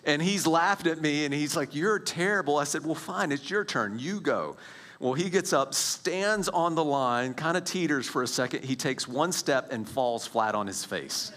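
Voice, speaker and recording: A man in his forties tells his personal faith testimony as a story, animated and restarting often, dropping to hushed, quiet stretches at tense moments. His voice is on the high side, and he speaks at a moderate pace.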